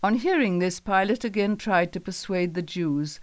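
A woman reading a Bible story aloud as scripted narration, calm and measured. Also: mid-range voice, no room sound.

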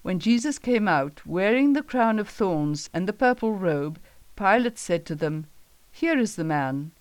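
A calm, measured woman recounts a Bible story with a mid-range pitch. Her recording is dry and close, with no echo or room sound.

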